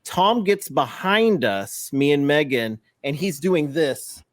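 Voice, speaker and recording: A man's voice: on the high side, very animated, no echo. Male podcast co-host, rambling anecdotal delivery, easy laughs, dry close sound. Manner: rambling storyteller, many fillers and quick laughs. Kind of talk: casual chat.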